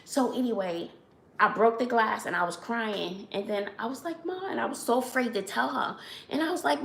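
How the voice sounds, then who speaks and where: A woman from Brooklyn, hosting a casual livestream chat and telling lively stories with frequent laughs. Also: a little high, a little fast, creaky, echoey room. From Brooklyn, New York. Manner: animated storyteller, laughs often, says "child". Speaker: channel host.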